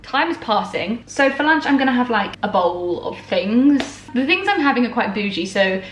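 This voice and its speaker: A young woman vlogger chats casually about her day in her home kitchen, laughing a lot and teasing herself. Her voice sits on the high side, animated and at a normal speed, over a noisy background. The kitchen sounds echoey, with clatter around her.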